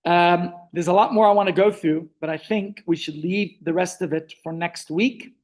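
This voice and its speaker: A man, a rabbi telling stories in a relaxed class held over a video call, often stopping to restart his sentences. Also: high voice, moderate pace. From South Africa. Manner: chatty storytelling, frequent restarts. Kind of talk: online Torah class.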